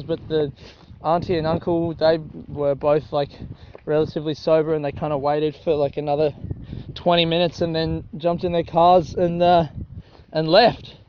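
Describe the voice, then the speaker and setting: A young Australian man chatting casually while walking along a grassy rural track, swearing often and laughing at his own jokes. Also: fairly high pitch. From South Australia. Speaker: vlogger. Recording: dull lo-fi audio with faint noise.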